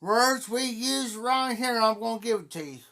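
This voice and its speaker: A man's voice: extremely high pitch, normal speed, sharp tone. A middle-aged man from Ohio with a southern Ohio Appalachian accent, hosting a livestream in a folksy, rambling casual chat and greeting viewers by name. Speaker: livestream host.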